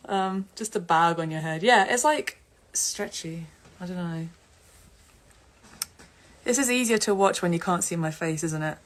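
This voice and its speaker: Young woman, giggly live streamer, slightly low voice, laughs a lot. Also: slow pace, long pauses. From England. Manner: giggly and chatty, laughs often. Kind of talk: casual live stream chat.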